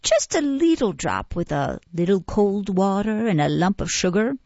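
A woman's voice: mid-range voice, sing-song, normal speed, gravelly, a little mellow, no room sound, dull audio. A woman reading aloud, voicing a fawning middle-aged woman who keeps an orphan house, gushing and falsely humble. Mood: wheedling. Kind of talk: audiobook character reading.

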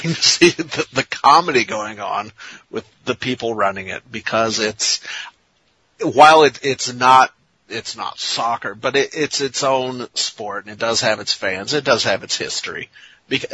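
A man co-hosting a soccer talk show, speaking in a rambling, halting, wry way with lots of restarts. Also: mid-range voice, pushed and bright, husky, lo-fi sound. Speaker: soccer podcast co-host. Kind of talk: casual sports talk.

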